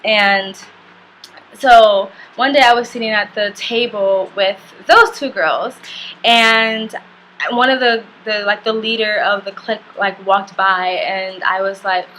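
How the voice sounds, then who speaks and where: A woman's voice: medium pitch, fairly even intonation, takes it slowly, sharp tone, a little hiss or hum, rough recording. A young woman vlogger telling a personal travel story in a casual, candid way, full of "like" fillers and the odd swear word. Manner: candid and chatty, heavy use of "like".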